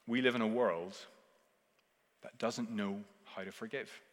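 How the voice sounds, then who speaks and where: A man preaching a sermon earnestly, swinging between forceful emphasis and hushed, intense passages. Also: on the low side, fairly even intonation, measured pace. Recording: long reverb of a large hall.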